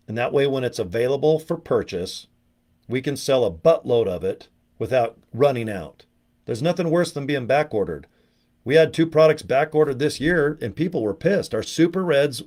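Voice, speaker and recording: A man doing a brash sales pitch, rambling and profane, slips into mocking voices. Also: darkish tone. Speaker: network marketing promoter. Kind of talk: casual motivational pitch.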